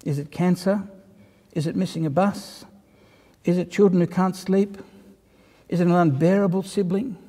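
A male preacher with a fairly high voice tells a story from the pulpit, easy and conversational, slipping in dry humorous asides. His words ring out with the long reverb of a large church hall. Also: dark tone. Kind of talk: sermon.

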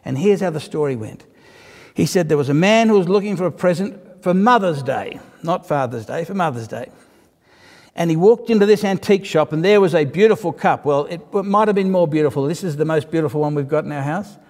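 A man's voice: on the high side, fairly quick, a little mellow. A man preaching a sermon, telling a story in a conversational way with wry little asides. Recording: long reverb of a large hall.

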